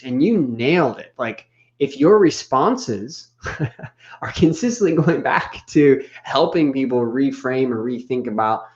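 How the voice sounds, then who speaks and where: A thoughtful man talks candidly as a co-host, mid-pitched and a bit hesitant as he works through his ideas. The sound is slightly dull. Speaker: podcast co-host. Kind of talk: casual reflective chat.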